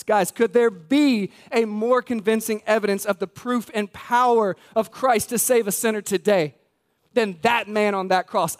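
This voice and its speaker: High-voiced pastor preaching. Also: male voice. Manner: earnest, emphatic, repeats key words, addresses congregation directly. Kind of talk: sermon. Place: church sanctuary.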